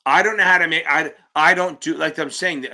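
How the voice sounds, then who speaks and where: A man's voice: on the high side, fairly even intonation, fairly quick, pushed and bright. A man running a live-stream Q&A as an exam prep tutor, talking bluntly, rambling and swearing casually as he answers viewers.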